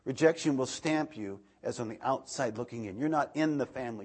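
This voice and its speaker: An animated male preacher in his thirties with a breathy, slightly husky voice. He talks in a mid-range pitch and swings between loud, emphatic bursts and quiet asides. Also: a little fast. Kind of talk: sermon.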